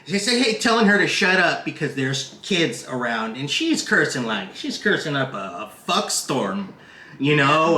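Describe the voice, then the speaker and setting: Man, podcast co-host, bright voice, echoey room, animated storytelling, swears a lot. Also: fairly high pitch, moderate pace. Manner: animated, profane, acts out quotes in raised voice. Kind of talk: casual storytelling chat.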